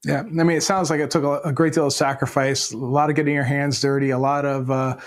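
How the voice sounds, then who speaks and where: A man's voice: mid-range voice, little pitch movement, quick pace. A man hosting a podcast interview, summing up his guest's story. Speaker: podcast host. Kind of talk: interview chat.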